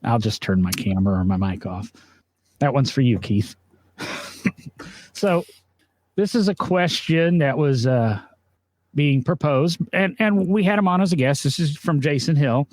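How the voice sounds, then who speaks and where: A man's voice: on the high side, animated, a little slow, pauses often, darkish tone, no room sound. A man co-hosting a casual podcast, chatty and often laughing as he talks. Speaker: podcast co-host. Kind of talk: casual chat. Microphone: video call with green screen.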